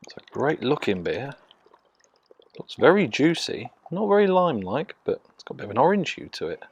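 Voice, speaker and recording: A man, from Nottingham, casually reviewing a beer in hushed, half-whispered tones, recorded on a phone mic out in his garden. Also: medium pitch, sing-song, normal speed, slightly rough, no room sound. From Nottingham, England. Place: outdoors in a home garden.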